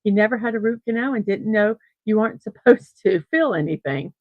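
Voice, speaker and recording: A woman's voice: medium pitch, a little fast, no room sound. Middle-aged woman, chatty livestream host, dry close sound, slightly dull audio. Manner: rambling, animated storyteller with restarts and laughs. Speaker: host of a daily morning livestream. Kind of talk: casual storytelling and chat reading viewer comments.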